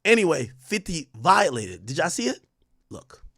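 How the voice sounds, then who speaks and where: A man hosts a heated livestream, his raspy, fraying voice swinging between loud trash talk and a hushed near-whisper. His pitch sits a little high and leaps around a lot. The sound is dry and close to the mic. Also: very animated, moderate pace, no room sound. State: losing his voice. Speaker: livestream host. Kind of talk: ranting livestream commentary.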